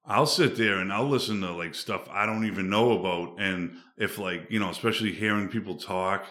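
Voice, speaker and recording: A man's voice: fairly low pitch, fairly quick, bright, forceful tone. A man from the Boston suburbs, a podcast guest, chatting in a rambling, laid-back way with lots of fillers. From Boston suburbs, USA. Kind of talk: casual chat. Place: studio. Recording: roomy echo.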